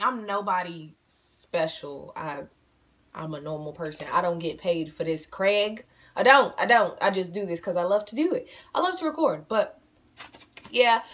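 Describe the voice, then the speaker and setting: An eighteen-year-old woman with a mid-range, slightly bright voice chats casually to her viewers from home in a Q&A vlog. She's bubbly, talkative and playful, teasing herself as she goes and calling her audience "y'all."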